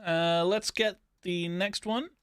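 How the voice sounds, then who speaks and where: Laid-back streamer thinking out loud, casual swearing, mid-pitched, close and dry. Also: slow pace, clear, resonant tone, dry recording. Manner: relaxed, mutters to self, swears casually. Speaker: live streamer. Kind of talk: casual chat while editing videos.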